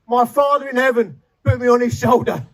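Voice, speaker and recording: A man's voice: very high voice, fairly quick, low-quality recording. A man, preaching a sermon and telling his conversion story with feeling and humor. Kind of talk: sermon testimony. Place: chapel.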